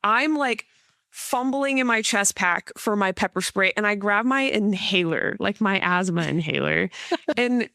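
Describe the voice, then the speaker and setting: A woman's voice: mid-range voice, lively intonation, unhurried, pushed and bright, no room sound, studio quality. Chatty woman podcast host. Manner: rambling, lots of "like" fillers. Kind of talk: casual interview chat.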